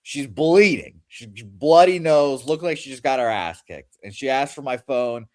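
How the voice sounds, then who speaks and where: A man's voice: medium pitch, expressive, measured pace, a little mellow, no echo. Blunt man telling a story, dry sound. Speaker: podcast co-host. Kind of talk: casual storytelling.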